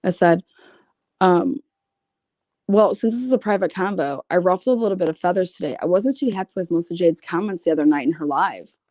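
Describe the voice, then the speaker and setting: A woman's voice: on the low side, animated, brisk, a little mellow, no echo, clean studio sound. A woman streaming casually, reading private messages aloud with blunt, sarcastic, profane asides. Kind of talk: casual livestream commentary.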